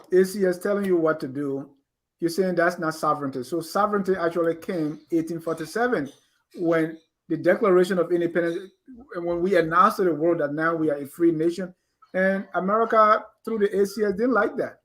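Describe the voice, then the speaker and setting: A man hosts a talk show and puts measured, thoughtful questions to his guest. His voice sits somewhat high for a man, and he speaks without hurry. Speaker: host.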